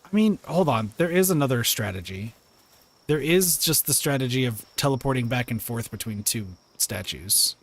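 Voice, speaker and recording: Live-streaming a game from a room at home, a man speaks at a moderate pace with a medium pitch and lively intonation. His commentary is playful as he responds to chat and reacts to the gameplay.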